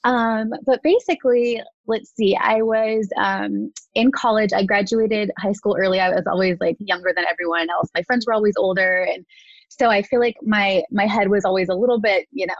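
A woman's voice: mid-range voice, fairly even intonation, moderate pace, dry recording. Chatty woman telling her story. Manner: chatty, lots of "like" and "you know", acts out quotes. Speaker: makeup artist guest. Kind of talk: casual interview storytelling. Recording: dry, slightly dull audio.

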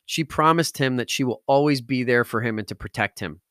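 A man's voice: medium pitch, a little fast, a bit bright, clean tone, dry recording, clean studio sound. A man hosting a podcast, telling an emotional story with intense, emphatic delivery that rises into outbursts. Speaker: podcast host.

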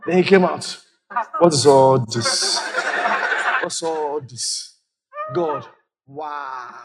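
A man preaching a lively sermon as pastor, acting out church members with sudden high shouts. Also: unhurried, pauses often. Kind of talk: lively sermon with acted-out stories.

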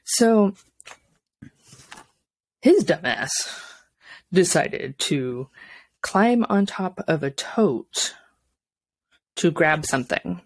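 A woman's voice: fairly low pitch, very animated, drawn-out words, pauses often, dry recording. A young woman co-hosting a casual parenting chat, telling blunt stories and swearing freely. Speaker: podcast co-host.

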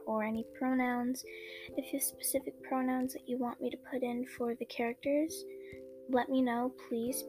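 A young woman casually chatting and reading her own fan story, hesitant with many ums. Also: on the high side. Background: background music.

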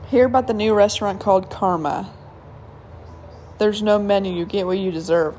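A woman's voice: medium pitch, normal speed, pauses often, warm tone, a little hiss or hum. A woman hosting a casual solo podcast, reading jokes aloud with frequent giggles and stumbling over the punchlines. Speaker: podcast host.

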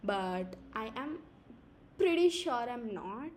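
Giggly young woman with a squeaky voice. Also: lively intonation, measured pace, darkish tone, a little hiss or hum. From India. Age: young adult. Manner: giggly, rambling, self-mocking. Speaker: podcast host. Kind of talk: casual improvised podcast chat. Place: home, late at night.

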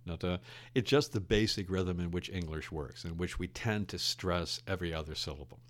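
An older man speaks slowly and thoughtfully, with a very low voice. He has the wry, rambling manner of a retired English teacher telling stories. The sound is dry and close. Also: a bit bright, no echo. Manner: thoughtful, wry, digressive storyteller. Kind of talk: reflective conversation.

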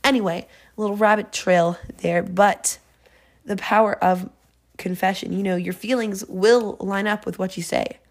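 With a medium pitch, a steady tone and a normal pace, the young woman walks through her devotional episode as a faith podcast host. Her talk is casual, earnest and chatty, dotted with fillers and self-corrections while she thinks aloud.

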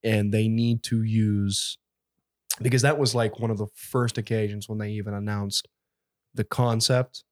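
A man co-hosting a casual podcast, excitable and rambling, laughing often and restarting his sentences. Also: fairly low pitch, unhurried, dry recording, studio quality. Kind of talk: casual chat.

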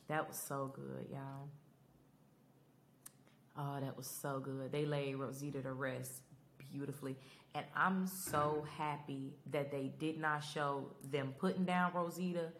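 A woman's voice: a bass voice, a little hiss or hum. A young woman hosting a podcast, recapping a show in chatty, emphatic casual talk that speaks straight to her listeners. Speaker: podcast host.

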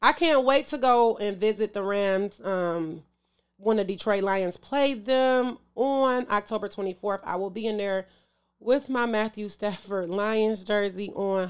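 A woman's voice: mid-range voice, clean tone. A woman hosting a casual sports show to camera, emotional, sighing and calling out to her viewers. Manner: emotional, exclaims and sighs, talks to viewers as "y'all".

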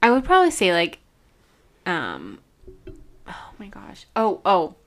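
A woman's voice: mid-range voice, a little slow. Giggly woman hosting a podcast. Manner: giggly, animated. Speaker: podcast host. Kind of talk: casual chat.

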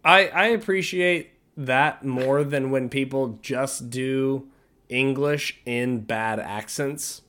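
A man's voice: medium pitch, takes it slowly, a bit bright. A man co-hosting a podcast, talking casually with a rambling, enthusiastic delivery full of fillers. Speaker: podcast co-host. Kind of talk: casual chat.

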